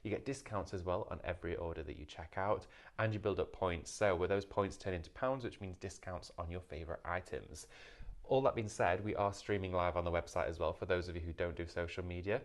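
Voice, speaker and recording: Deep voiced guy hosting a live craft sale, chatty and upbeat. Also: brisk. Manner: upbeat salesy patter. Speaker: shopping show host. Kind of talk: live shopping presentation.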